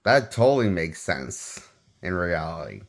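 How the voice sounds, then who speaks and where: A man's voice: low voice, sing-song, measured pace. A man giving a casual spoken movie review, rambling and often restarting his sentences as he shares offhand opinions. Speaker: film reviewer.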